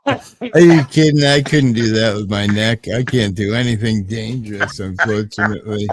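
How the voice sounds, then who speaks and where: A man's voice: lowish voice, normal speed, slight background noise. A man hosting a casual late-night livestream chat from home, laid-back and rambling. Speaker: channel host.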